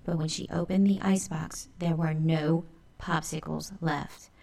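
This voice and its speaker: A woman's voice: low-pitched, steady tone, unhurried, creaky, mellow. Woman narrating a children's story.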